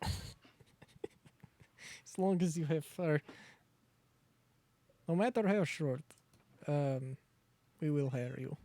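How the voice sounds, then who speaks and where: A man doing a deliberately bad fake Russian accent as a mock factory boss who drops his articles. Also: a little high, warm tone. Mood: mock serious.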